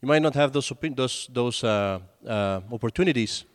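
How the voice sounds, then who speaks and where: A man's voice: medium pitch, normal speed. A man, a priest, giving a conversational sermon and telling stories with acted quotes. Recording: long hall reverb.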